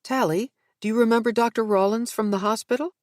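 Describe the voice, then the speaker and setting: A calm female therapist in an audiobook who speaks in a gentle, measured way, as a woman narrator puts her on. The sound is dry and close. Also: on the high side, no room sound, voice pushed up, close to an everyday voice.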